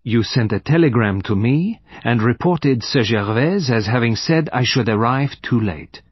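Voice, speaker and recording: A man voicing a calm, gentle elderly detective laying out his deductions in an audiobook. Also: medium pitch, slightly rough, no echo. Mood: calm accusing. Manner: gentle, measured. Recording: dull dry recording.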